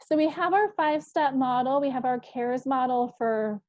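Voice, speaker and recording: A woman psychologist explains parenting skills in a calm, measured way, now and then pausing on an "um". Her voice sits a little high and sounds mellow and warm. The recording is dry and slightly dull. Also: no room sound. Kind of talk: parenting presentation.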